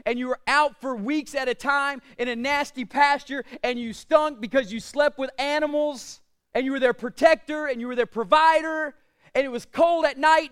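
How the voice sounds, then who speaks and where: A man preaching a sermon as pastor, asking the congregation questions and swinging between loud declarations and quiet asides. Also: very high voice, clean tone. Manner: preaching with rhetorical questions and call-outs to the congregation.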